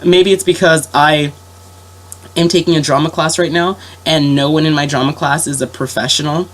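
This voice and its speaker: A woman's voice: deep voice, steady tone, moderate pace. A young woman with a sick voice telling a story in a rambling, casual way, full of fillers and restarts. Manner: rambling, lots of fillers and self-corrections. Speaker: vlogger.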